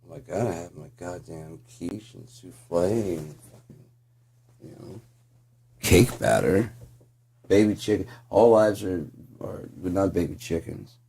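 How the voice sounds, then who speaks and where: Very deep-voiced ranting man, husky. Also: expressive, a little slow, a little mellow. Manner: profane, sarcastic, ranting. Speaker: channel host. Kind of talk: casual monologue rant.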